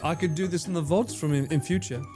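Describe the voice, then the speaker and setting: A man's voice: a little high, fast, music in the background. A man streaming live, chatting casually with his viewers, laughing often and swearing freely. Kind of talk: casual livestream chat.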